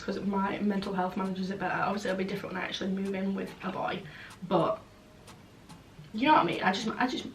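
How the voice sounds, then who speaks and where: A young woman chatting frankly in a casual vlog Q&A, blunt and full of "like" fillers. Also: medium pitch. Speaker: vlogger. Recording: roomy, slightly distant, faint background noise.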